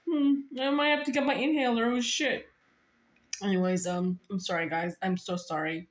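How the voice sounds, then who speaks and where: Giggly high-voiced woman in an echoey room. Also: very animated, normal speed. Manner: giggly, keeps breaking into laughter. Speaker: storyteller vlogger. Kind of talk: casual storytelling to camera.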